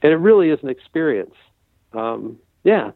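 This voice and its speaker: A man talking as a podcast guest and comedy coach, telling brisk stories and acting out what his students say. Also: fairly high pitch, big pitch swings, no room sound. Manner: brisk storyteller who acts out quoted students. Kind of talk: casual interview chat. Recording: tinny phone-like remote line.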